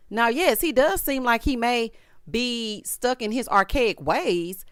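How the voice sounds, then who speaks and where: A woman giving a sassy, animated recap and review of a reality show, with lots of asides to the listener. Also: a little high, slow, smooth, no room sound, clean studio sound. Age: adult, formerly married. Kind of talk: casual commentary.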